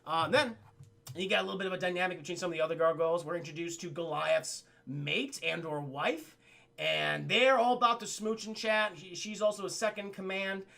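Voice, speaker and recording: High, gravelly, animated male streamer. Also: a little fast. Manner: animated, profane, full of fillers. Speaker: cartoon reviewer. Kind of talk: casual live-stream commentary.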